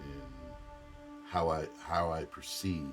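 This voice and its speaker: A man's voice: very deep voice, fairly even intonation, slow pace, music in the background. A middle-aged male comedian chatting casually on a livestream, candid and profane, rambling as he talks. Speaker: comedian and streamer. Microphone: streaming mic.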